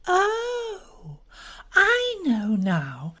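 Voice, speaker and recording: A woman's voice: very high voice, huge pitch swings, drawn-out words, pushed and bright, voice pushed up, exaggerated voice. A woman voicing a bored, drawling young upper-class woman in an audiobook. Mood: teasing. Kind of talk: audiobook character reading.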